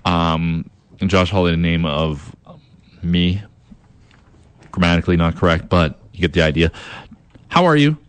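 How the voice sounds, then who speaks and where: A man's voice: low voice, a little slow, pauses often, smooth, no room sound. A young man hosting a radio show, chatting casually, rambling with lots of fillers and self-deprecating asides. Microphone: studio mic.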